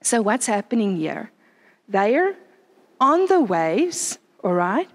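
A woman preaching at a conference in an animated way, often asking her listeners rhetorical questions. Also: medium pitch, takes it slowly, long reverb tail. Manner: animated, asks the crowd frequent rhetorical questions. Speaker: conference speaker. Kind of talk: sermon. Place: conference venue.

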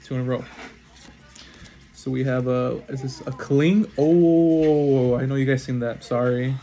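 A man gives relaxed, unhurried unboxing commentary while he opens packs of trading cards. He reads off each card in turn, now and then bursts out in excitement, and keeps saying sorry to his viewers. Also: medium pitch. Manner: names cards one after another, bursts into excited exclamations, apologizes often. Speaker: trading card pack opener.

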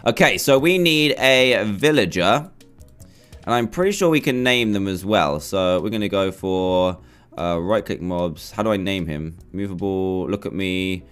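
Flustered gaming commentator. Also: male voice, sits low, takes it slowly, fairly bright tone, clean tone. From England. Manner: chatty, flustered, talks himself through building. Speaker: gaming YouTuber. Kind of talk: gameplay commentary.

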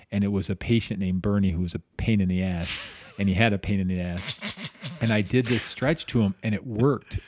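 A man's voice: lowish voice, no room sound, studio quality. A middle-aged man, a physical therapist guest on a podcast, telling stories in casual chat and acting out the voices he quotes. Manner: animated, acts out quoted voices, frequent restarts.

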